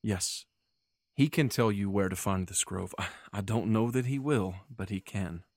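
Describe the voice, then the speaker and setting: A man's voice: on the low side, normal speed, darkish tone, dry recording, clean studio sound. A man voicing a hesitant noble wood elf woman who stammers and speaks evasively, barely changing his own voice. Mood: earnest.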